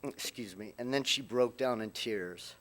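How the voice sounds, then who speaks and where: A middle-aged man giving a eulogy for his mother at a funeral, speaking haltingly with many restarts and pauses, at times choked up. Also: mid-range voice, a bit bright. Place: funeral chapel.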